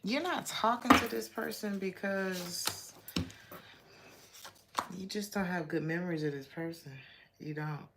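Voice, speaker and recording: An American woman from Georgia gives a casual tarot reading with a low, gravelly voice. She talks in a chatty, blunt, slangy way and laughs often between thoughts. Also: unhurried, long pauses, very noisy. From Georgia, USA. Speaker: tarot reader.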